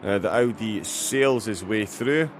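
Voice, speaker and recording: A man with a Scottish accent giving live commentary on a sim race, with many fillers and bursts of excitement at incidents. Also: on the low side, unhurried, slight background noise.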